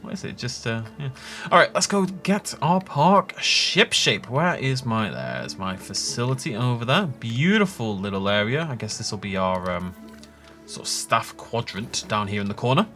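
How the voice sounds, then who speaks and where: A man's voice: on the low side, animated, normal speed, a bit bright, faint music behind. A man giving enthusiastic, jokey commentary on his own gameplay as a gaming video host. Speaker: gaming YouTuber.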